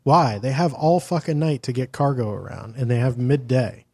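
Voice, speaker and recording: A man's voice: mid-range voice, animated, moderate pace, mellow. A man hosting a casual podcast, blunt and opinionated, swearing freely and ranting about his pet peeves. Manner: blunt, profane and opinionated, with sudden outbursts. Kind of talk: casual chat.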